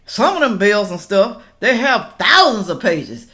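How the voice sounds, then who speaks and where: A woman giving a casual reaction commentary, talking straight to her viewers in an animated, ranting way and laughing between remarks. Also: mid-range voice, a little slow. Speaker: political reaction vlogger.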